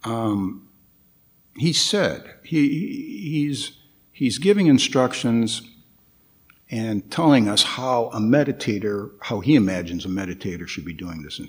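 A man giving a guest dharma talk at a Buddhist temple, speaking reflectively and haltingly, with frequent fillers and restarts, and putting questions to his listeners. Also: lowish voice. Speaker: guest meditation teacher.

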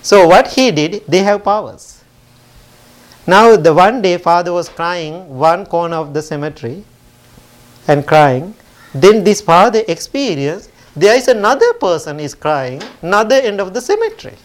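Slightly high-voiced man giving a gentle sermon. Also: very animated, moderate pace. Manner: gentle storytelling, simple phrasing. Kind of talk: sermon with a parable.

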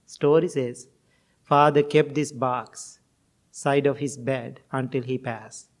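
A man giving a gentle, sermon-like talk, telling a moral story in simple, non-fluent English. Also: medium pitch, steady tone, takes it slowly.

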